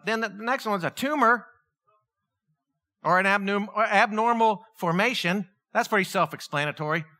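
A man preaching a conversational sermon, acting out quotes in an animated way. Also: high voice. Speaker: pastor.

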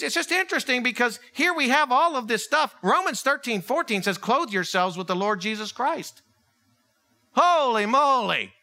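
Bright, lively male preacher. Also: high-pitched. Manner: animated, conversational preaching with acted dialogue. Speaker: pastor. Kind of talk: sermon.

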